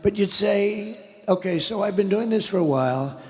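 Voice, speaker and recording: Emphatic older man with a gravelly voice. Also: high-pitched, lively intonation, normal speed, darkish tone, big-room sound. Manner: emphatic, repetitive, rambling. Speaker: interview guest. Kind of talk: interview conversation.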